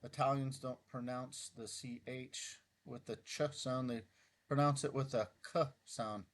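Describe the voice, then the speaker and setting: Slow, muttering man thinking aloud. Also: mid-range voice, steady tone. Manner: mutters through moves, self-deprecating outbursts. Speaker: chess YouTuber solving puzzles. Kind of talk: casual thinking-aloud commentary.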